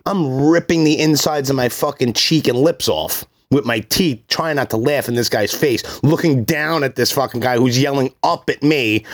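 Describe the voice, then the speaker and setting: A man's voice: mid-range voice, moderate pace, hardly any pauses. A man, telling his life story in blunt, profane, rambling casual talk. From Brooklyn, New York.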